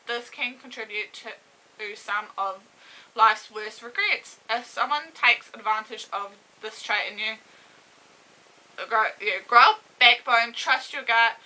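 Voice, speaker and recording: A young woman telling a story to camera in a casual vlog, emotional and halting as she holds back tears. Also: on the high side, sharp tone, rough recording. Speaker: vlogger. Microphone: camera mic, seated.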